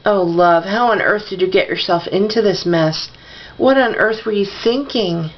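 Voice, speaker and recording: A woman voicing a fretful mother in a storybook reading, talking quickly with worry. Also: mid-range voice, lo-fi sound, natural voice. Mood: fretting. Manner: rapid worried talk. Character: fretful mother fussing over her injured daughter.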